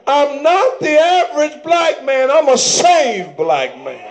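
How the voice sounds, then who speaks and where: A man preaching a sermon to his church, calling for amens and breaking into shouted bursts. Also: very high voice, lively intonation, slow.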